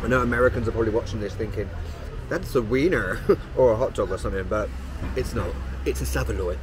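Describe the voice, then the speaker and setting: A man's voice: lowish voice, fast. Cheeky London man in his thirties, self-mocking travel vlogger, street noise audible. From London, England. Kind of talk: casual vlog commentary. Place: on a train, city streets and a chip shop.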